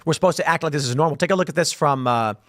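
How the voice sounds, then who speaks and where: A man's voice: on the high side, very fast, a bit bright, no room sound, studio quality. A man in his late thirties hosting a show, delivering an emphatic, indignant political commentary monologue. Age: 30s.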